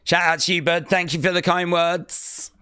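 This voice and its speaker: Bright, excitable male stream host. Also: sits high, normal speed, clear, resonant tone, no echo. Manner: excitable, jokey, with sudden loud outbursts. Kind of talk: casual live-stream commentary.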